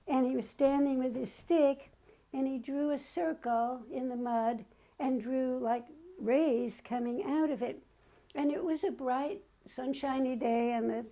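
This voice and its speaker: A woman's voice: high voice, mellow, low-quality recording. An older woman telling personal stories in a chatty way, often acting out what people said. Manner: chatty, acts out remembered dialogue. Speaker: guest. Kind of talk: personal storytelling.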